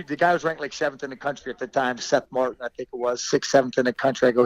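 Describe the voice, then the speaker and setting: A man's voice: mid-range voice, fairly even intonation, racing, hardly any pauses, no echo, poor audio. Dry-sounding middle-aged male coach. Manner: enthusiastic reminiscing, acts out quotes. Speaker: wrestling coach, guest. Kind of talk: casual storytelling chat.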